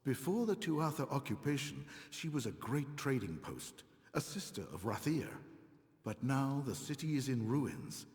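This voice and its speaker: An actor playing a weary male tavern keeper in a video game, speaking in measured, earnest dialogue. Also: medium pitch, big pitch swings, darkish tone. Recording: game audio with long reverb.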